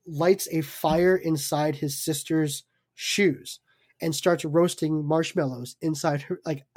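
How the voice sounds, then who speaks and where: A man co-hosting a podcast, telling stories in casual chat, animated, with many fillers. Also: fairly high pitch, no room sound. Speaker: podcast co-host.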